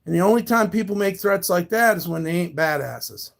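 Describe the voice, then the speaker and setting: Gravelly man ranting at his chat. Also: sits high, lively intonation, fairly quick. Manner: confrontational, profane, talks back to viewers. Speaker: live streamer. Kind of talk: casual live-stream rant at chat.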